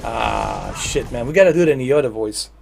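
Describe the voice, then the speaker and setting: A man's voice: mid-range voice, expressive, a little fast, creaky, music in the background. A man in his forties chatting casually on a gaming livestream, rambling, repeating himself and giving earnest opinions. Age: 40s. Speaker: livestream gamer.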